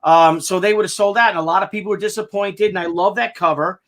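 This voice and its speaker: A man's voice: high voice, fairly even intonation, fast talker, a bit bright. An American man hosting a casual crowdfunding update, rambling and joking, often stumbling over his words. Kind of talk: casual chat.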